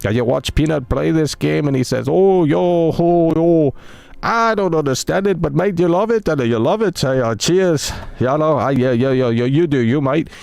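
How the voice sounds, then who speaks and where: A man's voice: medium pitch, moderate pace, few pauses, darkish tone, no echo, lightly acted. A male streamer putting on a cheeky mock-British bloke voice, tacking "mate" and "cheers" onto nearly every line in bouncy, teasing live-stream banter.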